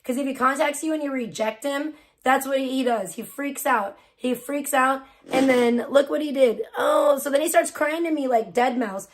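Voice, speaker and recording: A woman's voice: high voice, normal speed. A woman livestreaming, ranting casually with lots of swearing and laughter, mocking someone.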